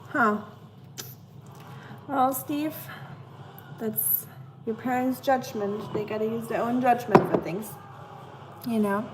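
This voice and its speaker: A woman with a German accent hosting a casual livestream at home, chatting with viewers, answering the chat and filling pauses with "um.". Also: on the high side, noisy background. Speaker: livestream host.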